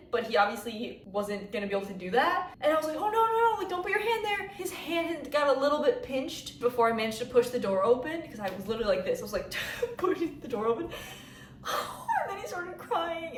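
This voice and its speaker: A woman's voice: a little high, a little hiss or hum. A young woman in her twenties chatting casually in a vlog, rambling and easily moved, recorded in her apartment. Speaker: vlogger and swim diving coach. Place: apartment, indoors. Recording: roomy audio from a camera off at a distance.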